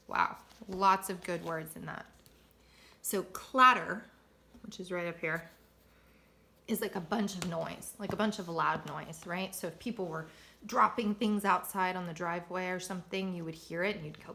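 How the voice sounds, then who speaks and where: A woman teacher reading a picture book aloud at home and pausing to explain vocabulary patiently. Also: lowish voice, vocal fry, bright, forceful tone.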